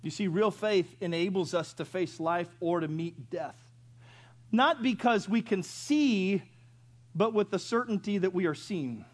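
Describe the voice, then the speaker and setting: A middle-aged man delivers a sermon from the pulpit. His voice sits a little high for a man, moving between hushed storytelling and surging, passionate preaching. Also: measured pace. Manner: storytelling, swelling to loud impassioned preaching. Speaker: pastor.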